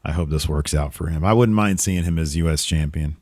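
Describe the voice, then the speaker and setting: Low-voiced man recapping wrestling. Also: a little fast, darkish tone, no room sound, clean studio sound. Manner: opinionated, trails off and restarts. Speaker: wrestling podcast co-host. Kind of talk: casual recap chat.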